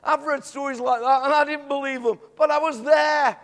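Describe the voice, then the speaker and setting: A middle-aged man preaching a sermon, telling a story in an animated way that swells into excited shouts. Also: extremely high pitch, moderate pace. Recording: long hall reverb.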